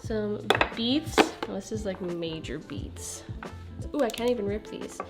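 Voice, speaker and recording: A woman's voice: mid-range voice, a little slow. A young woman giving a chatty, laid-back cooking voiceover for her vlog, often saying "like". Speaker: cooking vlogger. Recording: faint music behind.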